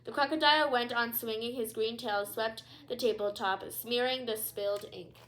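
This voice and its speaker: Young woman, storybook read-aloud, chatty asides, fairly high, bright tone. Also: steady tone, moderate pace. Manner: chatty asides between reading, some stumbles. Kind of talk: children's book read-aloud.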